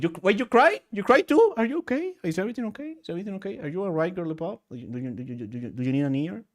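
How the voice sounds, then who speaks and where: A male streamer chatting emotionally and excitably while gaming, with sudden high outbursts. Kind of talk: casual live-stream chat while gaming.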